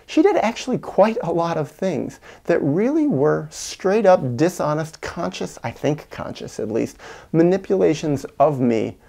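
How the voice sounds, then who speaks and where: A man recounting a childhood story in a reflective monologue, acting out quoted lines with whispers and bursts of higher pitch. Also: very animated, a little slow, gravelly, dark tone. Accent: American. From United States. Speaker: video essayist on parenting.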